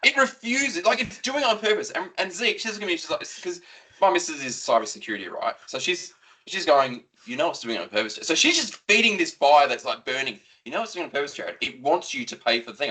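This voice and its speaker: An Australian man talks footy in a loose, rambling podcast chat. He gets worked up fast and swears freely. His voice is a touch high and swings widely in pitch. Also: sing-song, pushed and bright. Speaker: podcast co-host. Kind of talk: casual chat.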